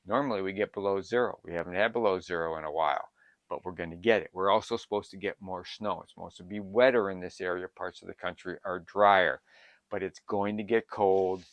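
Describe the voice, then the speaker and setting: Older man, lowish voice, eager and rambling prep advice, dry close recording. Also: a little fast, no echo. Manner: excitable, rambling, jumps between topics. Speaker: prepping channel host. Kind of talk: casual advice to camera.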